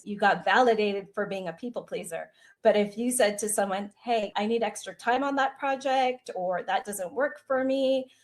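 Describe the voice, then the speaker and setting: Earnest woman coaching on boundaries. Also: medium pitch. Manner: earnest, repeats points, acts out inner voices. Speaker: guest, healing arts practitioner. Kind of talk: reflective coaching talk.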